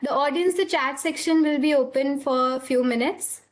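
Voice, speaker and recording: A woman's voice: high voice, normal speed, slight background noise. A woman hosting an online interview, polite and deferential, with hesitant fillers as she asks her questions. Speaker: interviewer and host.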